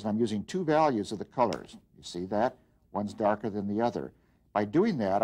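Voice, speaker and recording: A man teaching an art lesson, explaining design principles in an unhurried way as he works, with frequent pauses and restarts. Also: on the low side, darkish tone. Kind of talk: demonstration lesson.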